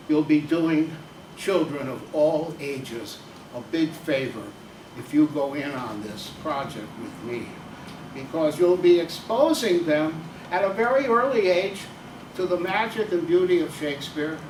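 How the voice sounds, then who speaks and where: A man voicing a woman teacher colleague who persuades in a calm, measured way. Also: on the low side, background noise. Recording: echoey room, distant mic, faint ambience.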